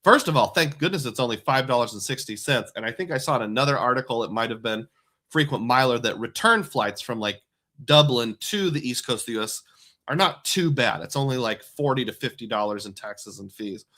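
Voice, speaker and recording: A man's voice: mid-range voice, animated, a little fast, pushed and bright. A man hosting a live stream, chatting casually and rambling as he reads viewer comments aloud. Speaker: livestream host.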